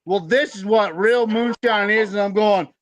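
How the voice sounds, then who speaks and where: A man's voice: high voice, moderate pace, no echo, lo-fi sound. A man co-hosting a podcast, telling a heated, profanity-packed story as a moonshiner. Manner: heated, swearing constantly, ranting.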